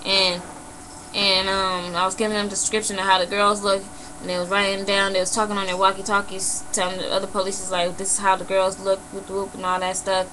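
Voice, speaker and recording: A young woman recounts a personal story straight to camera, blunt and animated, cursing as she goes. Her voice is bright and clear, sitting at a middle pitch for a woman. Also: fairly quick, slight background noise, rough recording. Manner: blunt and animated, swears freely, many "you know"s. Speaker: vlogger. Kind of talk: casual emotional storytelling.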